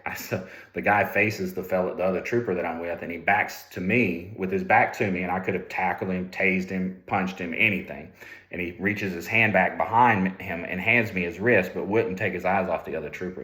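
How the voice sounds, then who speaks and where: A middle-aged man with a very low voice tells stories from his years as a trooper, loose and conversational, often circling back and restarting his words. The room around him is roomy and echoey. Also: a bit bright. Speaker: police ethics lecturer, former trooper. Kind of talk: candid storytelling. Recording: roomy echo.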